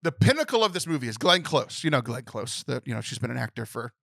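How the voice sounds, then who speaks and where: A man's voice: medium pitch, fast talker, vocal fry, dry recording. A man co-hosting a podcast, caught up in retelling a film's plot with lots of fillers and restarts. His voice sits in an ordinary middle range. The recording is close and dry, with no room sound. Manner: animated storyteller retelling a film plot, many fillers. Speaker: podcast co-host. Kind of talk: casual podcast chat.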